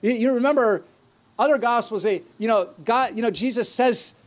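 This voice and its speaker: A man's voice: very high-pitched, normal speed. A male preacher giving an earnest, explanatory sermon with occasional asides.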